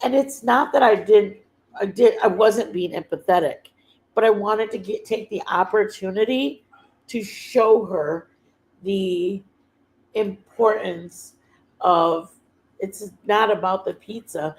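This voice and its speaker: A woman's voice: medium pitch, slow, rough recording. A middle-aged woman hosting a livestream in casual chat, rambling earnestly and often stopping to search for the right words. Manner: earnest and heartfelt. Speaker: livestream host.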